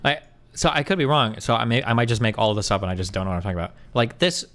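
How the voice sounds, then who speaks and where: A man's voice: mid-range voice, very fast, a bit bright, faint music behind. Rambling, self-doubting male streamer. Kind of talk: casual live-stream chat, answering chat.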